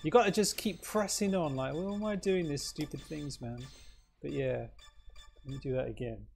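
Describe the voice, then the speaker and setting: A man's voice: on the high side, moderate pace, creaky, a little mellow, faint music behind. Chatty man streaming a game. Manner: chatty, exclaiming, talking to chat. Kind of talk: casual livestream commentary.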